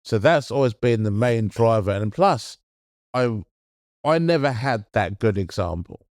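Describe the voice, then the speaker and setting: A middle-aged man in casual chat as a podcast co-host, earnest and halting, often restarting his sentences. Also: medium pitch, lively intonation, a little mellow, no echo, clean studio sound.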